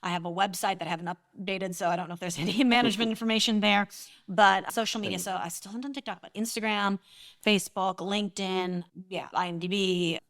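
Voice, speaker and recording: A woman musician being interviewed, telling animated stories and laughing often. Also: mid-range voice, fast talker, no echo, studio quality. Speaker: guest, singer and composer. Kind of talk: casual interview storytelling.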